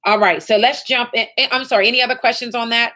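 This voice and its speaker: A woman's voice: fairly high pitch, steady tone, quick pace, bright, forceful tone, faint music behind. A woman running a live training session for sales agents, upbeat and motivational, often checking in with "okay?" and "right?".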